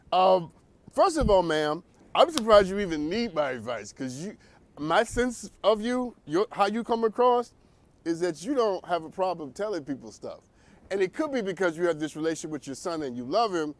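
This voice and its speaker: A man hosting a talk show, giving animated, preachy commentary and laughing often. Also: on the high side. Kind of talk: energetic commentary.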